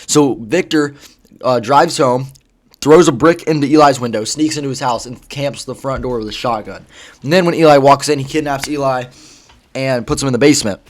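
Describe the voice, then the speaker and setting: A man's voice: mid-range voice, moderate pace. A man casually retelling a story, rambling with lots of fillers and swearing. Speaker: vlogger.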